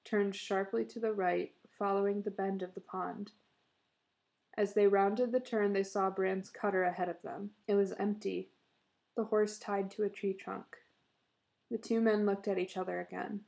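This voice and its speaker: A woman narrator reading a short story aloud in a steady, measured storytelling manner. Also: medium pitch, creaky.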